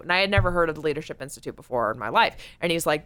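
A woman's voice: on the low side, moderate pace, smooth. A young American woman, a podcast guest, telling a story animatedly with lots of "like" and frequent laughter. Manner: animated storyteller, laughs often, says "like" a lot. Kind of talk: casual interview chat.

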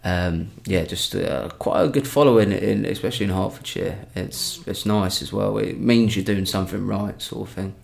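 A man's voice: low-pitched, normal speed, creaky, few pauses, darkish tone. A young man, a stand-up comedian, chatting casually on a podcast and rambling through many restarts.

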